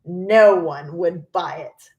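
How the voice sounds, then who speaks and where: A woman's voice: on the low side, slow pace, warm tone, roomy sound, dull audio. A woman voicing an eccentric, theatrical male chocolate maker with breezy reassurance. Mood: whimsical.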